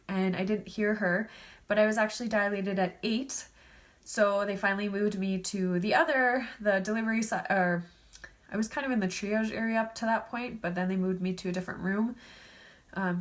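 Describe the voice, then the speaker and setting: A woman's voice: medium pitch, fairly bright tone. A woman in her thirties with a stuffed-up nose, chatting casually to camera as a vlogger and filling her talk with "like" and "um". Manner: chatty, lots of "like" and "um". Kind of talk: casual storytelling vlog.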